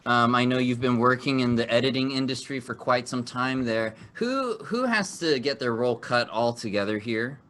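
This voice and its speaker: Male host, live improv show; upbeat, encouraging, bright tone. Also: mid-range voice, lively intonation, normal speed, few pauses. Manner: upbeat, encouraging, laughs often.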